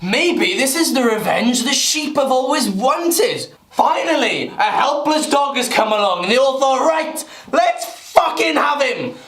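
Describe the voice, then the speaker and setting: A man gives a sarcastic, foul-mouthed running commentary over a clip compilation. His voice is pitched high and bounces lively, with a roomy echo and music underneath. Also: a little slow, few pauses. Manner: sarcastic, crude, mocking. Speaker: vlogger. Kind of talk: comedic commentary narration.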